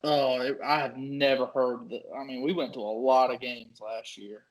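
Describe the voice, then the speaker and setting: A young man riffing on sports with a friend, voice of medium pitch. He talks in an excitable, loose way, laughing often and cursing casually. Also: moderate pace, rough recording. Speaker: podcast co-host.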